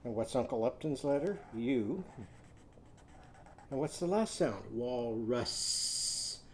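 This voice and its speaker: A man's voice: mid-range voice, animated, warm tone, a little hiss or hum. Patient man teaching a children's drawing lesson. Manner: slow, patient step-by-step instructions.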